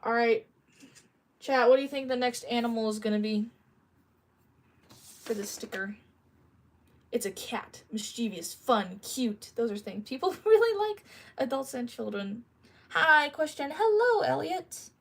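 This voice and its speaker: A woman with a fairly high voice streams live and chats casually with her viewers as she draws. She reads their messages aloud, laughs easily and bursts into playful mock shouting. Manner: giggly, joking, playfully bursts into mock yelling. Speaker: streamer reading chat. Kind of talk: casual livestream chat while drawing.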